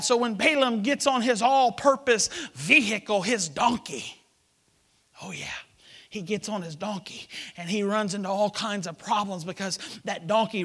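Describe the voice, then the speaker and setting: Acting out a story in assorted character voices, a high-voiced man preaches a sermon, his delivery swinging between shouts and quiet whispers.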